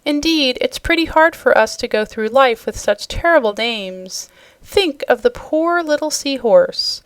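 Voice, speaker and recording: A woman reading a storybook, voicing a fussy, easily offended male octopus in a higher, airy voice. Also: expressive, measured pace, dry recording. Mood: pedantic. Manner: airy, fussy, then mournful and sobbing. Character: pompous, touchy male octopus gentleman.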